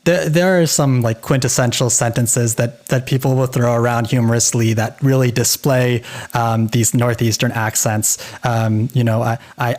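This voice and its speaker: A man's voice: mid-range voice, fairly even intonation, normal speed, hardly any pauses, darkish tone. An American man co-hosting a linguistics podcast, chatting enthusiastically and agreeably, often repeating words as he starts a thought. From United States. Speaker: podcast co-host. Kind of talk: casual conversational discussion.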